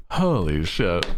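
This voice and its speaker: A man's voice: low-pitched, noisy background. A male streamer chatting casually in a laid-back, slangy way and laughing often.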